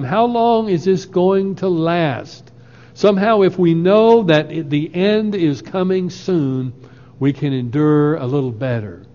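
A man preaching a sermon in a slow, earnest way, quoting scripture at length. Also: fairly high pitch, mellow. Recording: lo-fi with long hall reverb.

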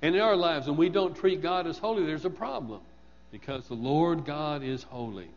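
A man's voice: on the high side, normal speed, in a large hall, dull audio. A man preaching a sermon, asking his congregation questions and repeating words for emphasis.

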